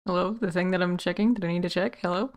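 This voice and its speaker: Woman, game streamer, casual chat, giggly, nervous, fairly low pitch. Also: fairly even intonation, fast. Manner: giggly and jittery, laughs between lines.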